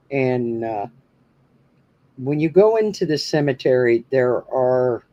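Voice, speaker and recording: Man, podcast host, dark mellow tone, dull lo-fi sound, rambling casual storytelling. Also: medium pitch. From New Hampshire. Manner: rambling, many fillers and restarts.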